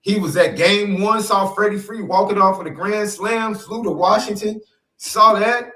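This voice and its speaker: A man's voice: high voice, fairly even intonation, normal speed, pushed and bright. A man co-hosting a sports podcast in casual debate, teasing his partner and repeating points for emphasis.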